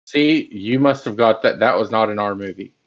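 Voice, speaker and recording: A man's voice: lowish voice, normal speed. A man, co-hosting a podcast and retelling movie scenes in casual chat. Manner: retells scenes, acting out quotes. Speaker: podcast co-host. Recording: dull lo-fi sound.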